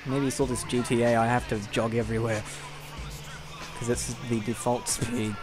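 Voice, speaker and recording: A man's voice: mid-range voice, little pitch movement, moderate pace, over music. A young man telling a long, rambling personal story over gameplay, candid and casual with frequent swearing. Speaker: gameplay commentator.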